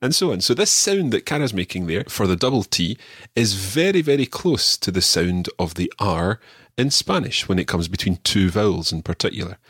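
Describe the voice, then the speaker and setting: A man's voice: low-pitched, very animated, normal speed, a bit bright, slightly rough, dry recording, clean studio sound. A Scottish man hosting a language podcast, patiently explaining pronunciation with a slightly self-deprecating manner. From Scotland.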